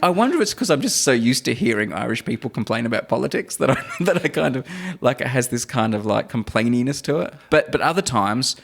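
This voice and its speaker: Gravelly Australian man musing. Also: medium pitch, lively intonation, fast, hardly any pauses. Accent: Australian with a slight English lilt. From Australia (Adelaide). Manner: thoughtful, musing, laughs easily. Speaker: podcast co-host. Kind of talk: casual chat.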